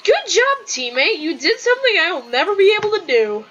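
Very high, wildly swooping shouty woman. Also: fast, muffled recording, slight background noise. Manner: excitable, yelling, trash-talking opponents. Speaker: gameplay commentator. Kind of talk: live gameplay commentary.

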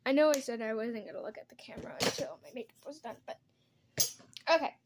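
A woman's voice: a little high, quick pace, noisy background. A young woman chatting casually as she does her makeup at home, rambling from one topic to the next. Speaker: vlogger. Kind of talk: casual get-ready-with-me chat.

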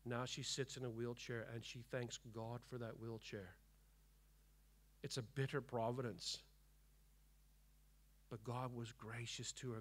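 A man preaching a sermon as pastor, emphatic and repetitive, dropping to hushed tones and rising again. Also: fairly high pitch, measured pace. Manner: emphatic preaching, swinging between hushed and loud; repeats key phrases for emphasis. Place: church.

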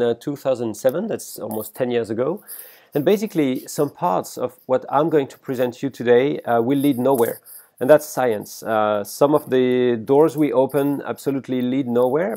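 A middle-aged French man with a French accent, giving a recorded workshop lecture as a professor, halting with many fillers and restarts. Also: medium pitch, warm tone. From France.

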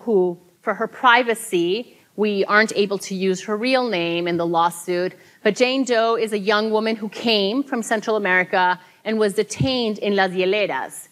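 A woman's voice: mid-range voice, fairly bright tone. Earnest woman giving a keynote. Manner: earnest, emphatic, with laughing asides. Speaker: keynote speaker. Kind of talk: conference keynote speech. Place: conference hall.

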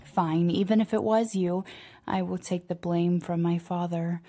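Woman narrator as a placating young husband, low and mellow. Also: steady tone, a little slow. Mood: resigned. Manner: placating, earnest. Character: young man, calm and protective husband.

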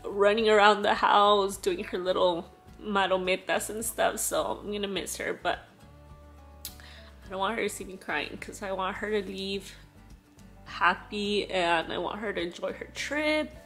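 A young woman, a mother, talking casually and emotionally to her vlog audience, gushing and repeating herself, with soft music underneath. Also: mid-range voice, a little slow, gravelly. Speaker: family vlogger, mother.

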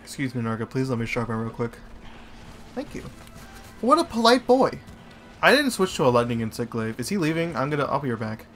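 A man playing a game with a friend, chatting casually, swearing, laughing and arguing loudly. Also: medium pitch, fast talker, soft background music. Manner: excitable, swears and laughs a lot, argues loudly. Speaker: co-op game player. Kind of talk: casual gaming banter.

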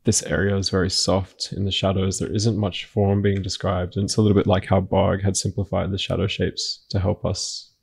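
A man teaching a painting lesson, narrating his work in a relaxed way, thinking aloud with frequent fillers and restarts. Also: low-pitched, moderate pace, gravelly, hardly any pauses, husky. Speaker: painting instructor. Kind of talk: narrated screen-recorded art lesson.

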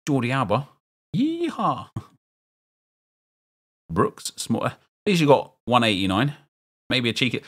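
Here a streamer with a South London accent rambles casually through football video game pack openings, joking with chat as he goes. He speaks at normal speed in a mid-range, slightly bright voice.

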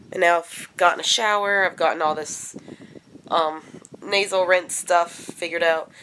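A woman vlogging casually from home, her voice raspy and stuffed up from congestion, chatting in a rambling way with lots of fillers. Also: on the low side, fairly bright tone, slight background noise. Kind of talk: casual daily vlog.

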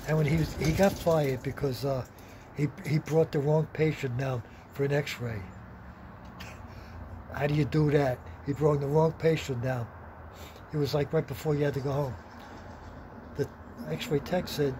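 Gruff swearing New man. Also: a little high, fairly even intonation, normal speed, long pauses, darkish tone. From Long Island, New York. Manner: blunt, heavy swearing, gruff. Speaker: storyteller. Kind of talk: rambling profane anecdote. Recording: noisy background with vehicle sounds.

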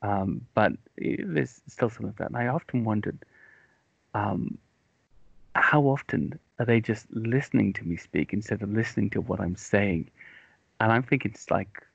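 A man's voice: on the low side, moderate pace, vocal fry, breathy edge, dry recording. A British man hosting a casual chat, talking in a chatty, self-mocking and rambling way. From United Kingdom. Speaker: podcast host. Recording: dry, dull lo-fi sound.

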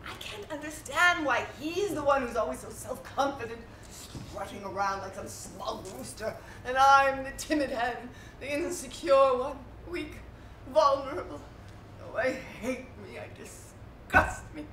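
An actress playing a vain, insecure stage star who is tipsy, speaking in a theatrical, self-mocking, giggly way. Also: female voice, high voice, unhurried, sharp tone, slight background noise. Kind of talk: live stage play acting. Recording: roomy stage sound from a distant mic.

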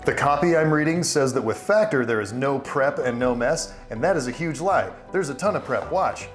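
A man's voice: medium pitch, expressive, normal speed, over music. Wry joking man co-host. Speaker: filmmaker co-host of a film discussion show. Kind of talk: casual chat.

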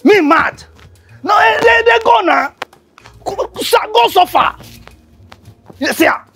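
An actor with a Nigerian accent playing a cheeky young houseboy who mocks and teases in a sing-song way. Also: male voice, high voice, big pitch swings, fast talker, soft background music. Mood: mocking. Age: young adult. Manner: mocking, teasing, sing-song. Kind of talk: film acting.

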